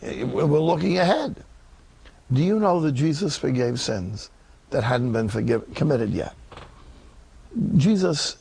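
Man, preacher, sermon, animated and emphatic, gravelly fry, husky tone. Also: no echo. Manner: animated, emphatic delivery with wide swings in pitch.

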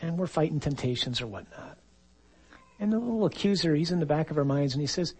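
A man's voice: fairly high pitch, big pitch swings, a little fast, warm tone, husky, poor audio. A man, a priest, giving a conversational sermon and acting out the voices he quotes.

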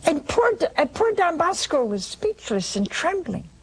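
A woman retelling a saint's dream vision in slow, expressive storytelling, sinking soft and low for the hushed parts. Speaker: religious storyteller.

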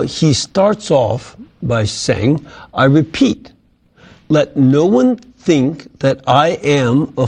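A man teaching a Bible study lesson who reads scripture aloud and then explains it, often pausing with fillers and restarting his sentences. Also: mid-range voice, mellow.

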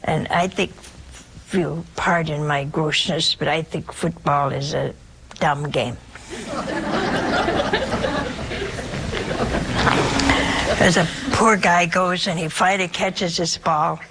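A woman's voice: low-pitched, unhurried, heavy background noise. A woman preaching a sermon in a folksy, humorous way, speaking directly to her listeners. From Italian family background.

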